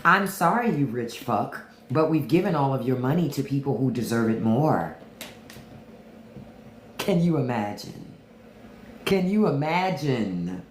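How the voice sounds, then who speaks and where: A woman hosting a livestream, commenting in an animated, profane, rhetorical way. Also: very deep voice, a little slow, long pauses, slight background noise. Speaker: podcast host. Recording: roomy echo.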